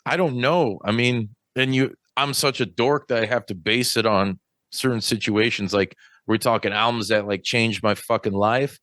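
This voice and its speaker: A man hosting a podcast in casual chat, swearing freely and rambling in a high-strung way. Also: fairly even intonation, normal speed, a bit bright, no room sound. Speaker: podcast host.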